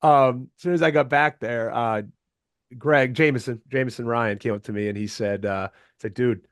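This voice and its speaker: A man guesting on a podcast, telling stories in a casual, animated way, often acting out what others said and laughing. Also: mid-range voice, normal speed, no echo, clean studio sound. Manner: animated, acts out quotes in changed voices. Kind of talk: casual storytelling interview.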